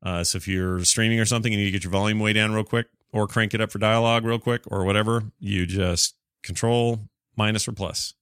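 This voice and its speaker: A man's voice: lowish voice, fairly even intonation, brisk, fairly bright tone, clear, resonant tone, no room sound, clean studio sound. A man hosting a podcast, reading listener emails aloud and chatting about them in a rambling, self-deprecating way. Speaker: podcast host.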